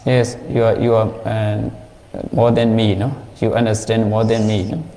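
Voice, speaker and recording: A male Buddhist monk with a Burmese accent, teaching a class and explaining points slowly with a lot of repetition. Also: fairly low pitch, little pitch movement, mellow, reverberant, in a large hall, a little hiss or hum. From Myanmar.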